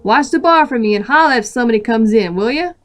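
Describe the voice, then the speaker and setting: A rowdy, throaty bartender with a Southern US drawl, as a woman puts him on in a story reading. He hollers across the bar in a loud, high-pitched voice. The tone is brash and boyish. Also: lively intonation, fast, natural voice. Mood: bossy.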